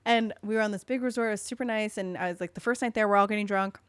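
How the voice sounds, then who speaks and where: A woman's voice: medium pitch, fairly even intonation, racing, clean tone, dry recording. Blunt, teasing female podcast co-host. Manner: blunt, teasing, swears casually. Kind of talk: casual comedic storytelling.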